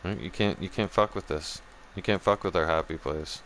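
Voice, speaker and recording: A low-voiced gaming channel host speaks at normal speed with a slightly bright tone, ranting profanely to his viewers while streaming a game. A little hiss or hum is audible.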